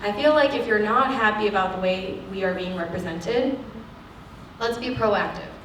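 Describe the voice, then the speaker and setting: An actress speaking frankly at a lecture, acting out the people she quotes in an animated way. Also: mid-range voice, moderate pace, a little hiss or hum. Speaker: actress giving a guest lecture. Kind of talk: candid talk at a lecture Q&A. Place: lecture hall. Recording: echoey hall, distant mic.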